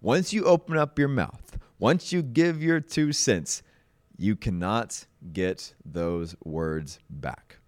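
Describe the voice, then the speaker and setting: A man's voice: lowish voice, takes it slowly, darkish tone, dry recording, clean studio sound. A young man, hosting a motivational podcast in a folksy, rambling way and often saying "y'all" and "man.". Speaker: podcast host. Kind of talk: casual motivational monologue.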